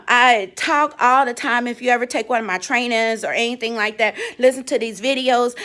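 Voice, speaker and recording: Bright, high-pitched, emotional woman. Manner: emotional, expressive, swings into loud laughing and crying retellings; chatty, lots of "you know". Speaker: trucking company owner and trainer. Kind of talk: casual motivational talk to camera.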